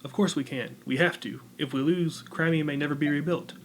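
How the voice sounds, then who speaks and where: A man voicing a steady young male mercenary leader who speaks plainly and firmly. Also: a little high, fairly quick, gravelly, slight background noise. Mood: firm, reassuring.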